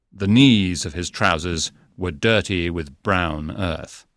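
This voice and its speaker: A calm, clever detective. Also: male voice, deep voice, no room sound, studio quality, heavily acted. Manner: measured, explanatory. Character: calm, clever male detective, commanding and sure. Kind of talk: audiobook character reading.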